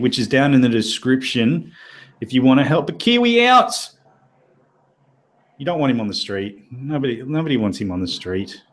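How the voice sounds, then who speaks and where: An Australian man hosting a podcast, chatting casually and joking in loose, animated rants. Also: medium pitch. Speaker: podcast host. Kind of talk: casual chat.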